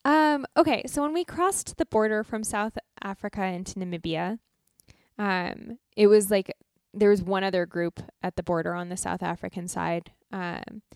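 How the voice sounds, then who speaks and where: A woman's voice: medium pitch, moderate pace, creaky, smooth, no room sound, clean studio sound. A young American woman co-hosting a casual travel podcast, telling stories with lots of laughter. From United States. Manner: animated storytelling, laughs often. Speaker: podcast co-host.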